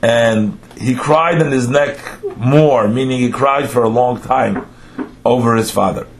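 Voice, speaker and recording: A man's voice: medium pitch, unhurried, a little hiss or hum. A man, teaching a text study lesson: he reads phrases aloud, then explains them line by line with patient questions.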